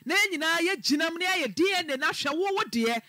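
A woman's voice: extremely high pitch, animated, fast, pushed and bright, dry recording, clean studio sound. A woman hosting a radio advice show, questioning her caller directly and firmly.

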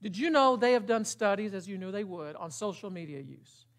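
A man's voice: high-pitched, lively intonation, fairly quick, fairly bright tone. A middle-aged man preaching a sermon in a casual, emphatic way, often putting questions to the congregation. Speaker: pastor.

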